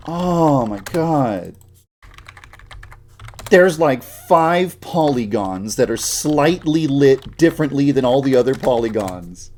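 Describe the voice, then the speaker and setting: Over slight background noise, a man with a mid-range, slightly mellow voice and lively intonation speaks slowly as he streams his game dev work. Swearing often, he rants and grumbles, pokes fun at himself, and laughs at his own jokes.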